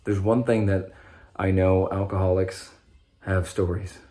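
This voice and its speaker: A man's voice: deep voice, level tone, a little slow, warm tone. A young man talking in a casual, rambling monologue about his own recovery, swearing freely and often breaking off mid-sentence. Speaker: vlogger sharing his recovery story.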